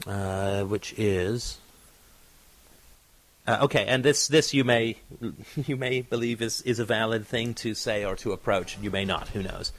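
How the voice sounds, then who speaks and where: This podcast host has a lowish voice and a measured pace. He chats casually, wandering through ideas analytically while often using fillers and starting sentences over.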